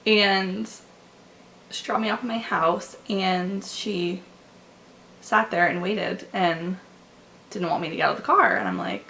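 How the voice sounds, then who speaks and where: A young woman vlogger telling a personal story in a candid, halting way, full of likes and restarts, recorded on a camera mic in her room. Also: mid-range voice, fairly even intonation, pushed and bright, a little hiss or hum, poor audio. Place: bedroom with window open.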